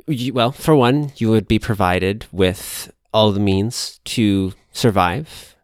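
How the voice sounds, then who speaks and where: A woman's voice: extremely low pitch, darkish tone, no echo, clean studio sound. A woman playing a guarded male scientist. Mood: formal. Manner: measured, formal, evasive. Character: guarded time-travelling scientist father, male.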